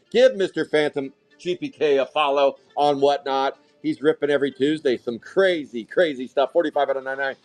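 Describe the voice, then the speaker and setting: Excitable man hosting a card break. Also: fairly high pitch. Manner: hype-driven, excitable calling of card pulls, casual swearing. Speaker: trading card break host. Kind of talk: live card-break stream commentary.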